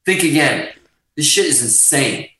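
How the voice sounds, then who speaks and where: A middle-aged man from Portugal, a guest musician telling a story on a podcast in a lively, profane way, acting out the quotes. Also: on the high side, a little slow, far from the mic. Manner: animated, profane, acts out quotes. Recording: echoey room, off-mic.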